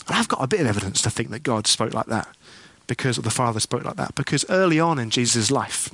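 A man's voice: mid-range voice, expressive, fast talker, a bit bright, no echo. A middle-aged man preaching a sermon in church, earnest and conversational, asking his listeners rhetorical questions.

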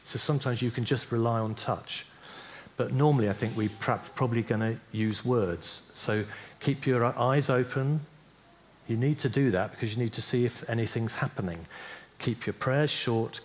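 A preacher with a mid-range voice teaches a church group how to pray for healing, speaking at normal speed over a faint hiss or hum. He keeps it conversational, often checking in with "yeah?".

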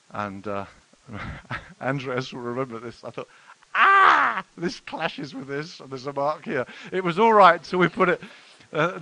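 A middle-aged man preaching a sermon, telling stories with sudden loud exclamations and hushed, earnest passages. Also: mid-range voice, low-quality recording. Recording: faint hiss.

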